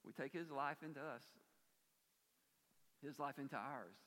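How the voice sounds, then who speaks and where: Bright-voiced preacher in a reverberant hall. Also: male voice, medium pitch, unhurried. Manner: earnest, emphatic, swings between loud stress and quiet. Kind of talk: sermon. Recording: long reverb of a large hall.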